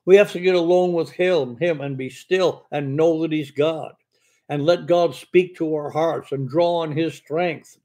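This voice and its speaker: Older preacher with a stammer. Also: male voice, fairly high pitch, fairly even intonation, unhurried, dark tone. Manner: stammers in speech, fluent when preaching. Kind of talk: sermon-style Bible Q&A.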